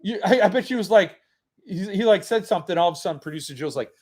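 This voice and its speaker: A man's voice: high-pitched, animated, fast talker, a little mellow. A man hosting a book channel, chatting loosely on a livestream from a room at home, rambling and reading viewer comments aloud. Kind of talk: casual livestream chat.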